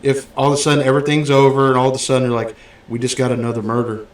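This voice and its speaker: A man's voice: medium pitch, very fast, a little hiss or hum. A man hosting a podcast, in a casual, blunt and profane chat about a movie. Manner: blunt, profane, animated storytelling. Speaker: podcast host.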